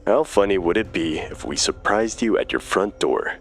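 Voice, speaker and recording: A man's voice: sits low, normal speed. A man voicing a creepy male stalker who poses as a teen boy, pushy and overly friendly, in a spoken horror story. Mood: sly.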